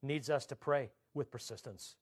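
A man preaching a sermon, emphatic, drawing out scripture quotes slowly and swinging his pitch up and down. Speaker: pastor.

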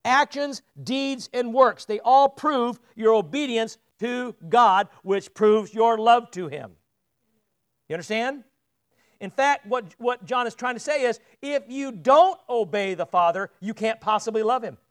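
A man's voice: very high voice, a little slow. A man preaching a sermon in a church, talking casually and asking the congregation questions, often repeating words as he presses a point.

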